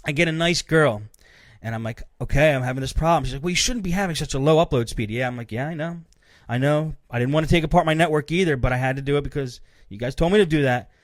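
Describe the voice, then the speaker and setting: A man's voice: medium pitch, fast, no echo, studio quality. A man hosting a podcast, telling a story in a casual rant and acting out both sides of his phone calls. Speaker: podcast host.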